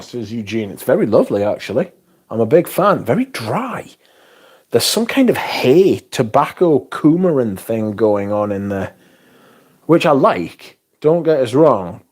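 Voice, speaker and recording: A man hosting a casual livestream, chatting and answering viewers in an animated, exclamatory way and swearing freely. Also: fairly low pitch. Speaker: livestream host. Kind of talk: casual livestream chat, reading viewer comments.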